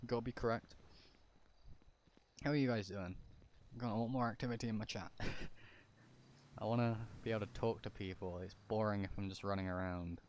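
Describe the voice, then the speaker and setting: A man's voice: on the low side, steady tone, normal speed, pauses often, darkish tone, slight background noise. A man casually commenting while streaming a game, chatty and joking as he talks to his chat.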